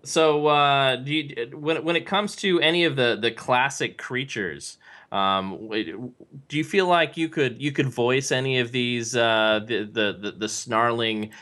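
Slow, bright-voiced male podcast host. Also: mid-range voice. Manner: halting, filler-heavy questions. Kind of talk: casual podcast interview.

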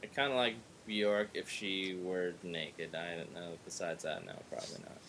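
A man from Southern California hosting a podcast in casual chat, rambling and halting with many restarts. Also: sits low, heavy background noise. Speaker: podcast host.

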